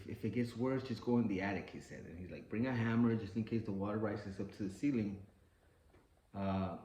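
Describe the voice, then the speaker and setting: Man, low voice, casual storytelling, profane, animated, echoey room, faint background hiss.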